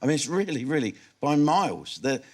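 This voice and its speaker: A man's voice: fairly high pitch, sing-song, a little fast, breathy edge. A man, a comedian answering interview questions candidly and laughing at his own punchlines in a TV studio. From England. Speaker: comedian guest. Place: television studio.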